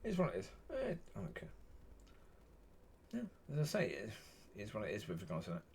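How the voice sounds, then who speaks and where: A man's voice: lowish voice, huge pitch swings, fairly quick, gravelly, slight background noise. A man, talking casually to camera in a rambling, repetitive way, plain-spoken and exasperated. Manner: rambling and repetitive, circling back on itself. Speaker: vlogger.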